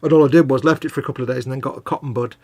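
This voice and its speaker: A man's voice: medium pitch, fairly even intonation, racing, darkish tone. A British man co-hosting a live model-making stream, chatting casually and teasing his co-host while he works. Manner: chatty, teasing, laughs easily.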